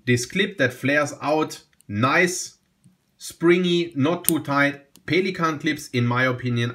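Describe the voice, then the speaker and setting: Guy chatting thru a pen review, easygoing and keen, keeps restarting bits, mid pitch. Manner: relaxed, enthusiastic, repeats himself and restarts phrases. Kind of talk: casual product review.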